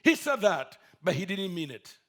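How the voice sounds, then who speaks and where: A man's voice: sits high, sing-song, moderate pace. A man preaching a sermon, telling a story with emphatic, repeated phrases.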